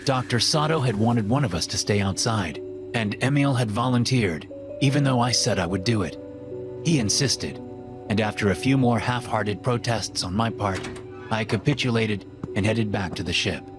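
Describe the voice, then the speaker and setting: A man reading a first-person horror story in a steady, measured way, as scripted narration. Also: fairly low pitch. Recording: voice-over with loud music behind.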